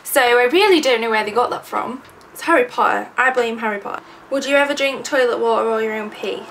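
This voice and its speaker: A YouTuber from England in her twenties, around twenty, answers viewer questions in a casual vlog Q&A, chatty, sarcastic, and self-deprecating. Her voice is on the high side, gravelly, and fairly bright, with fairly even intonation and a fairly quick pace. The mic is distant and there's background noise.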